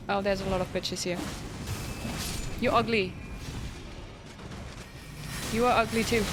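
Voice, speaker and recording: A woman's voice: medium pitch, steady tone, unhurried, pauses often, background noise. A woman streaming a video game, chatting playfully with her viewers, reading their messages aloud and swearing casually at enemies. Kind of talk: casual gaming livestream commentary.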